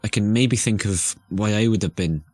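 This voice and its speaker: A man's voice: lowish voice, moderate pace, darkish tone, dry recording. Wry, joking man at the game table. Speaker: player. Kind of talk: casual chat.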